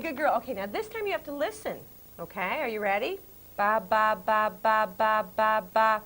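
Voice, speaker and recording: A woman's voice: a little high, a little slow, a bit bright, faint music behind. A woman teacher in a listening lesson with a child, repeating syllables in a sing-song, encouraging way. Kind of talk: speech therapy lesson with a child.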